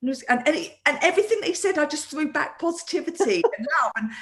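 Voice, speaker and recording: A woman hosting a live online talk as a coach, animated and often restarting her sentences over a video call. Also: high voice, fast. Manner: animated, with many repeated restarts. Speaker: host and coach.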